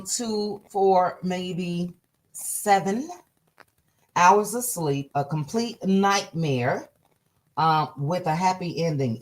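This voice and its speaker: Tired, hoarse woman hosting a livestream. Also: fairly low pitch. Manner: tired, soft-spoken, greets viewers by name. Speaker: livestream host. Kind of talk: casual livestream chat.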